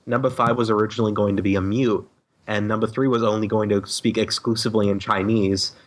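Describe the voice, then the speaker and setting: A man co-hosting a casual podcast, with sardonic, profane humor and halting speech full of ums. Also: fairly low pitch, level tone. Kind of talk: casual group podcast chat.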